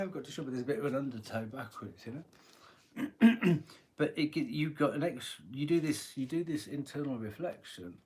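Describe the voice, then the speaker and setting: A man with a husky voice giving a live tarot reading, chatty and rambling, often clearing his throat. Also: mid-range voice, darkish tone, a little hiss or hum. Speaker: tarot reader.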